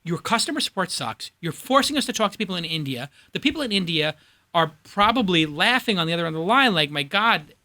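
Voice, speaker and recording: A man with a Brooklyn accent hosting a studio panel, opinionated and animated. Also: high-pitched, fast. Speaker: host. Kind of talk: panel discussion.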